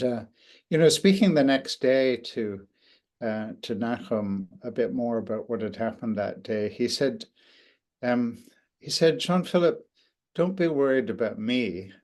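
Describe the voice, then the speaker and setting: An older man giving an interview, speaking reflectively and haltingly, with many restarts and pauses. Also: mid-range voice, darkish tone. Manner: thoughtful, halting with frequent restarts and fillers. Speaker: interview guest, author.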